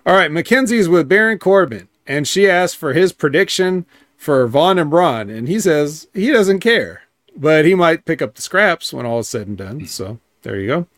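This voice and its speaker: A man's voice: on the high side, sing-song, moderate pace, a bit bright, no room sound. A man co-hosting a wrestling podcast, recapping the shows in a matter-of-fact, sarcastic way. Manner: recaps events matter-of-factly, dry sarcasm. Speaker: podcast co-host.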